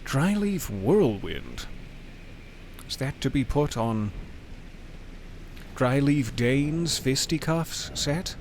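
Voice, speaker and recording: A man's voice: mid-range voice, very animated, extremely slow, pauses often, a little hiss or hum. A man streaming a video game, talking casually and playfully to the game and his chat, sometimes reading item text aloud in a mock-dramatic way. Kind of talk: casual gameplay commentary.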